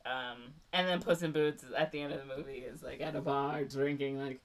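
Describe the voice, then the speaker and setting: A woman's voice: extremely low pitch, fairly even intonation, moderate pace, far from the mic. A woman hosting a podcast, chatting casually in a giggly, rambling way with lots of fillers. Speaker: podcast host. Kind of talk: casual chat.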